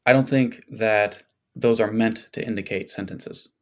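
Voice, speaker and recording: Low-voiced man explaining biblical text. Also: steady tone, measured pace. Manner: explanatory, hedging with fillers. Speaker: podcast guest. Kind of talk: casual scholarly discussion.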